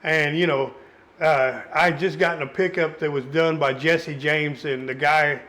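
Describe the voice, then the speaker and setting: A man's voice: on the high side, steady tone, unhurried, a bit bright. A man from Central Texas, a podcast guest, telling long rambling stories in casual chat, full of "you know" fillers. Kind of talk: casual storytelling.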